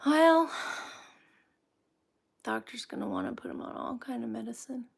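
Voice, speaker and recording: A woman hosting a casual cooking chat, rambling with restarts and often dropping into soft near-whispers. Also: a little high, huge pitch swings, normal speed, gravelly, slightly rough. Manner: chatty and rambling, with frequent restarts. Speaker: host of a cooking chat stream. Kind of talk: casual chat while cooking, reading viewer comments.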